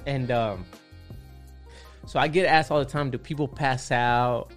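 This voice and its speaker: A relaxed man who tattoos for a living, telling a story at an easy pace. His voice sits at a middle pitch and he swears freely. A faint bit of music plays under his voice. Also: measured pace. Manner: laid-back, profane, keeps saying "you know what I'm saying". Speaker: tattoo artist guest. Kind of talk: casual storytelling.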